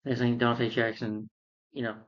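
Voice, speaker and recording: A man's voice: medium pitch, level tone, normal speed. A man giving a casual spoken film review, retelling the plot in a rambling, repetitive way. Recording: dull, muffled lo-fi sound.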